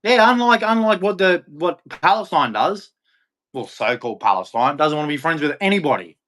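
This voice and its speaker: A man's voice: a little high, very animated, moderate pace, fairly bright tone. A middle-aged Australian man hosting a live stream, taunting viewers in a combative rant full of "dude". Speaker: livestream host.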